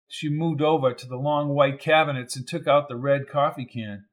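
A man reading a crime novel aloud in even, measured scripted narration. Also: medium pitch. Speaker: audiobook narrator.

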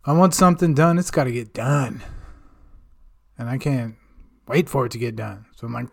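A male podcast host riffing in a loose, unscripted monologue. He rambles and jokes at his own expense, with swearing in nearly every sentence. His voice sits at a middle pitch for a man. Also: normal speed, vocal fry, long pauses, a little mellow, breathy edge. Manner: rambling, swears a lot, self-mocking. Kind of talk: casual profane monologue.

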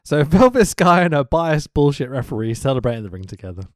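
Casual male podcast co-host, lively, high-ish voice, laughs a lot, dry close sound. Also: fast, dry recording. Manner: laughing often, swearing, animated. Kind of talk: casual wrestling recap chat.

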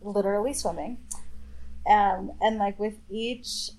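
A woman's voice: medium pitch, steady tone, unhurried, darkish tone, slight background noise, low-quality recording. A woman casually chiming in on a movie recap, playfully humming tunes and adding quips. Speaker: podcast co-host. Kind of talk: casual chat.

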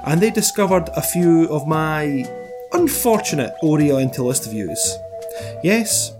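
A man's voice: a little high, sing-song, a little slow, music in the background. A man playing a smug male scientist writing a defensive letter, in a sarcastic, self-pitying tone of mock complaint.

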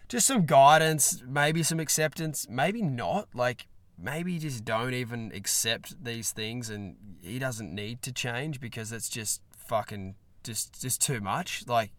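A man's voice: medium pitch, expressive, slow pace, a bit bright, no echo. A man co-hosting a podcast, talking in a hesitant, rambling, profane way. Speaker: podcast co-host. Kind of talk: casual chat.

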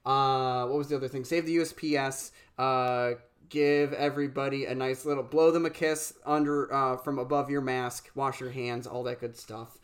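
A man's voice: medium pitch, flat delivery, normal speed, hardly any pauses. A man co-hosting a casual podcast, laid-back and dry as he closes the show. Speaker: podcast co-host.

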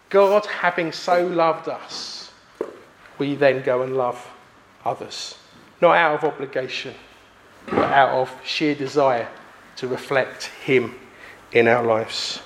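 A man, preaching a sermon emphatically with pauses for effect. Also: mid-range voice, a bit bright, slight background noise.

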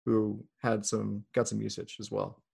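A man's voice: on the low side, monotone, a little slow, gravelly, a little mellow, breathy edge. A man hosting a casual fantasy football chat, running down the player list and teasing his co-host in a playful way. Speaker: podcast host.

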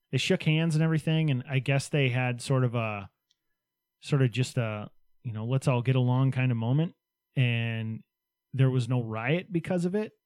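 A man's voice: medium pitch, darkish tone, no echo. Guy chatting wryly, mid-range voice, dry close sound, talks around his points. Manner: wry and chatty, with hedging asides. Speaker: podcast co-host. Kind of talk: casual political chat.

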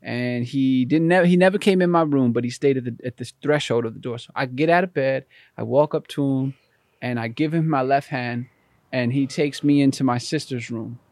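A man's voice: mid-range voice, normal speed, dry recording, clean studio sound. A man guest on a podcast, telling a personal story in conversation and acting out the voices in it. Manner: animated, acts out voices in his story.

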